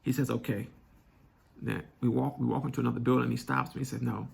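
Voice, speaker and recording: A young man telling a personal story candidly, halting and restarting often. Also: medium pitch, flat delivery, creaky, a little mellow, slightly rough. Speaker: vlog host.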